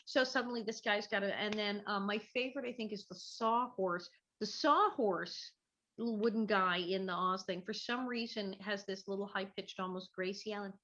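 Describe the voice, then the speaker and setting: A woman comedian and actor, appearing as a guest, chats casually over a video call from her living room at home, with lo-fi home sound. She's chatty and self-mocking and often restarts her sentences. Her voice is medium in pitch, brisk, and a bit bright.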